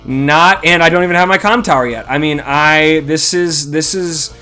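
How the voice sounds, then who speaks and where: A man's voice: fairly high pitch, normal speed, bright, forceful tone, clean tone, faint music behind. A man casually commentating his own strategy game, thinking aloud and criticizing his own moves. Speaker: gameplay commentator.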